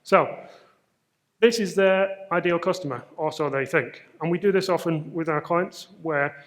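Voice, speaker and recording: A man's voice: fairly high pitch, unhurried. A man with a Manchester accent giving a casual conference presentation on stage, with frequent ums and a self-deprecating humor. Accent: Mancunian English. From Manchester, northern England. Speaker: conference speaker.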